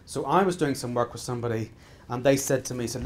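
A man's voice: medium pitch, fast talker. Brief: male business trainer, middle-aged, mid-range voice, punchy repetitive delivery, faint background hiss. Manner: emphatic, repetitive exhortations with frequent restarts. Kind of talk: live seminar talk.

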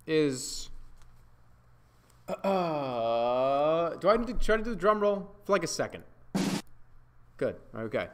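A man's voice: a little high, sing-song, slow pace, pauses often, fairly bright tone. A man in his thirties hosting an awards show on a live stream, talking casually with stammers, restarts and jokes.

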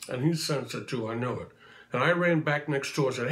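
A man's voice: mid-range voice, brisk, fairly bright tone. Chatty older man telling stories. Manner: chatty anecdotal, acts out quotes. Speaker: tribute performer telling stories. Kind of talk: casual storytelling to camera.

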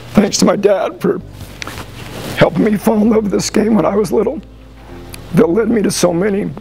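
Emotional American man giving a halting speech. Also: sits high, gravelly, darkish tone, rough recording. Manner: halting, emotional, with frequent pauses and restarts. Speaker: high school football coach. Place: banquet room with an audience.

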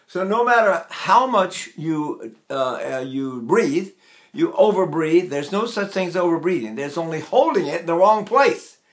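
A man's voice: on the high side, lively intonation, a little slow. A man in his eighties, a voice teacher, chatting casually as he demonstrates breathing exercises and talks while holding his breath. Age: 80s.

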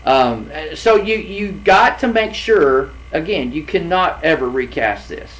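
A man's voice: fairly high pitch, expressive, measured pace, fairly bright tone, low-quality recording. A middle-aged man co-hosting a casual chat about recasting films, hesitant, with many fillers and restarts. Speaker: podcast co-host.

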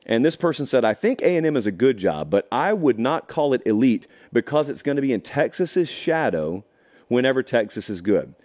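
A man's voice: mid-range voice, normal speed. A man hosting a college football talk show, talking casually and wryly, mock-quoting his critics with disbelief. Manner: animated, wry and incredulous, mock-quoting critics. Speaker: host. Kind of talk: casual sports talk monologue.

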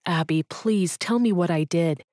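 Brief: woman narrator doing an earnest, wounded businessman boss, subdued, lowish voice, dry close sound. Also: unhurried, darkish tone, no echo, close to an everyday voice.

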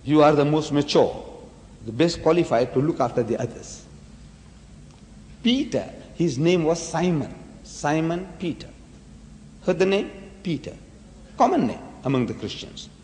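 A man's voice: a little high, lively intonation, a little slow, pauses often, a little mellow, slight background noise. A man giving a dramatic religious lecture full of rhetorical questions. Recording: echoey hall.

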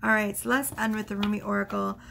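A woman tarot reader talking gently and affectionately to her viewers, reading oracle card messages aloud slowly. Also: medium pitch, level tone, gravelly, background noise.

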